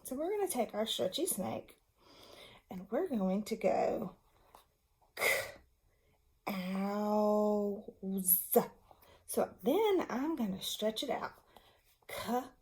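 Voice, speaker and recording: Patient woman teacher, slow and very expressive, walks kids and parents through reading steps. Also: a little high. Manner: slow, patient, demonstrative explanation. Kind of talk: reading lesson for young children and parents.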